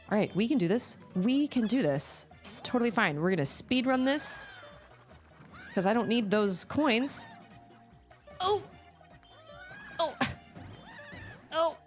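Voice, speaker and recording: A woman streaming a game, chatting casually and reacting with quick exclamations as she plays. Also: sits high. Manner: chatty, animated, quick exclamations and laughs while playing. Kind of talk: casual live-stream chat while gaming. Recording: faint game music behind.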